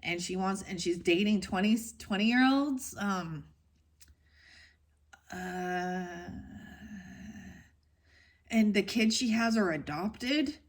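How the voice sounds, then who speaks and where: A woman's voice: mid-range voice, takes it slowly, long pauses. A woman giving a casual tarot reading to her viewers, rambling and frank, going off on tangents. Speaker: tarot reader.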